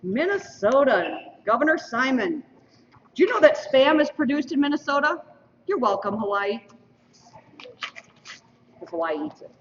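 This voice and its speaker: A lively woman emcees a school mock election, announcing to an audience with playful, teasing trivia asides. Her voice sits high, moving at a moderate pace with frequent pauses. The dull lo-fi stream picks her up from afar in a roomy school hall.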